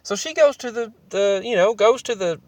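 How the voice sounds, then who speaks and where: Rambling young man, slightly high voice. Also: lively intonation, moderate pace, a little mellow, no room sound. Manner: rambling, restarts, emotional. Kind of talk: personal storytelling vlog.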